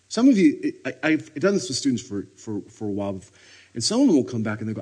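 A man giving a sermon at a retreat, animated, swinging between loud bursts and hushed near-whispers. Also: mid-range voice, fast talker, husky. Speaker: retreat speaker. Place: retreat meeting room.

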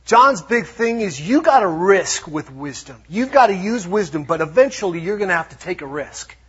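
A man preaching a lively sermon, acting out little quotes as he goes. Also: high voice, normal speed, breathy edge. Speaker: pastor. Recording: dull lo-fi sound.

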